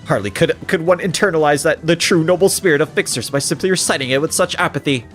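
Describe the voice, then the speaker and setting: A man's voice: on the high side, fast talker, a bit bright, faint music behind, voice pushed up, lightly acted. A man voicing a gallant young female knight who speaks in grand, old-fashioned phrases while reading game dialogue aloud. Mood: grandiose.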